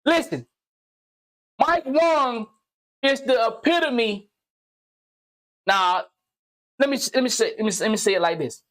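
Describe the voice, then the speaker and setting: Loud, profane man ranting on camera. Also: extremely high pitch, a little slow, pauses often. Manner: loud, animated, swings into shouting; slangy, repetitive, teasing. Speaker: gaming channel host. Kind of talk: profane comedic rant commentary.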